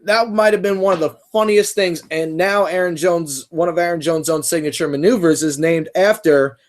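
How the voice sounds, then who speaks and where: A young man hosting a casual podcast, rambling and filling pauses as he reads questions and tells stories. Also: on the high side. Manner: rambling, many fillers and restarts. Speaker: podcast host.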